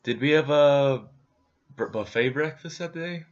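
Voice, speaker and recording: A man's voice: fairly high pitch, unhurried, lo-fi sound. A man co-hosting a casual travel recap, chiming in with jokes. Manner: joking, chiming in on his partner's lines. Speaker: co-host recapping a trip.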